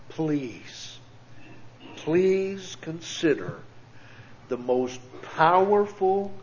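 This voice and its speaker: Male preacher, church sermon, earnest and pleading, unhurried drawn-out delivery, muffled lo-fi recording. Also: medium pitch, a little hiss or hum. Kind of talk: sermon with storytelling. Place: church sanctuary.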